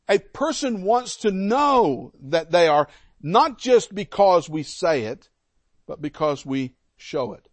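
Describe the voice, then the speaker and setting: A man's voice: high-pitched, no room sound. A middle-aged man preaching a sermon as a pastor, emphatic and repeating key points. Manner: emphatic, repetitive, animated.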